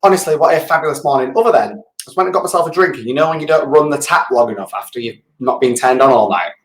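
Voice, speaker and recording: A man's voice: medium pitch, lively intonation, fast, echoey room. A man hosting a live business show, chatting casually and rambling into self-mocking asides. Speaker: show host.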